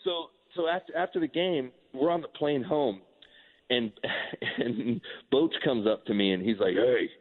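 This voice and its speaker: A man in his forties, a former pitcher, telling a story in a casual, rambling way, full of "like" and restarts. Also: measured pace. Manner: rambling, animated, heavy use of "like". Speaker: former baseball pitcher, guest. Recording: tinny phone-like line with long reverb.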